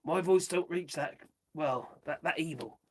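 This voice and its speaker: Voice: medium pitch, unhurried, husky. A host chatting loosely on a livestream, rambling, giggling and muttering while reading off a phone. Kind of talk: casual livestream chat reacting to viewers.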